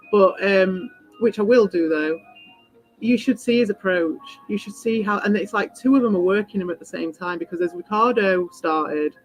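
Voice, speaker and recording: A woman talks through her game on a live stream, wandering from thought to thought and cursing freely whenever something winds her up. Her voice sits at an ordinary middle pitch, and soft music plays faintly underneath. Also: poor audio. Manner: rambling, swears freely, gets worked up. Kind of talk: casual live-stream chat while playing.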